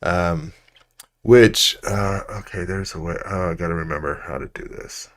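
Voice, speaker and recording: A man's voice: sits low, normal speed. A man hosting a casual livestream tutorial, muttering to himself as he works and trailing off mid-sentence, with frequent self-deprecating laughs. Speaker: host modeling furniture in 3D software.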